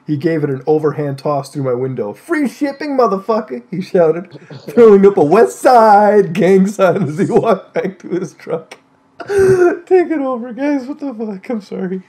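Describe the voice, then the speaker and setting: On a group call, a man reads a joke story aloud to friends, breaking into laughter and swearing in exasperated asides. His voice sits high with lively intonation and a warm, slightly rough tone, and he speaks a little slowly.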